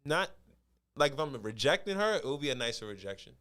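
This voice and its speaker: Animated man in casual podcast chat. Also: mid-range voice, brisk. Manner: animated, laughing, probing questions. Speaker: podcast co-host.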